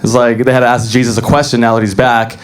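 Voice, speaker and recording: A young man doing a deadpan, self-deprecating stand-up comedy set on a club stage. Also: mid-range voice, quick pace, slight background noise.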